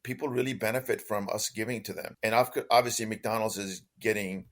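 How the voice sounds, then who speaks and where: A man's voice: on the low side, steady tone, brisk. A man co-hosting a podcast who speaks casually and supportively, with many filler "ums". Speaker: podcast co-host.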